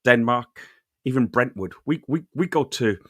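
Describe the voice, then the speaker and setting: A man's voice: mid-range voice, expressive, moderate pace, a bit bright, slightly rough, dry recording, studio quality. A man hosting a casual podcast, rambling and chatty, with lots of fillers and restarts. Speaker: podcast host. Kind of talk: casual chat.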